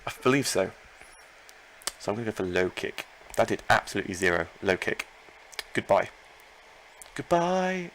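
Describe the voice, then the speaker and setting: A man commenting live on his own Pokémon battle, excitable, talking to himself and his opponent and repeating phrases. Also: deep voice, fairly quick, long pauses, a little hiss or hum, rough recording. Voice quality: gravelly.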